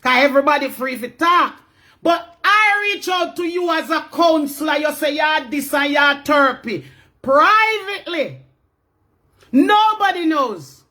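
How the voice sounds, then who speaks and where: A middle-aged woman with a Jamaican accent, angrily ranting on a livestream, often shouting and repeating herself. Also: high-pitched. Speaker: livestream talker. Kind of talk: heated livestream rant.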